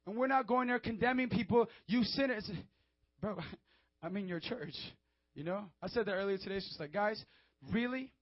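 A man with a high voice preaches a fervent sermon, pressing his points and calling out to the young crowd. The sound is dry and a little dull, with no room echo and muted highs. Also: brisk. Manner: fervent, emphatic, calls out to listeners.

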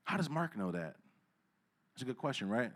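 A man preaching a sermon in a casual, slangy way, asking the listeners questions and swinging between low asides and loud, emphatic preaching. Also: very animated, normal speed. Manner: casual street slang, asks the crowd questions.

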